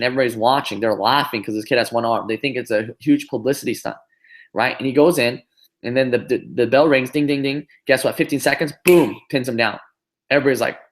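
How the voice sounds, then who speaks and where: A man speaks at an everyday middle pitch as a business trainer on a group call. He tells a long motivational story in an animated way. He keeps it going with fillers and quick tag questions.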